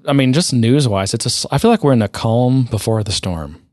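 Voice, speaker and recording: A man's voice: mid-range voice, expressive, a little fast, a little mellow, no room sound, clean studio sound. A man co-hosting a casual tech podcast, rambling and sardonic, with many fillers and restarts. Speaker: podcast co-host.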